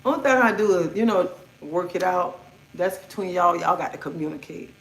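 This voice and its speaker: A woman's voice: lowish voice, moderate pace. A middle-aged woman hosting a livestream, ranting in a blunt, outspoken way and swearing freely. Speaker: livestream host. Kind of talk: casual livestream rant. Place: indoors at home. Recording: echoey room.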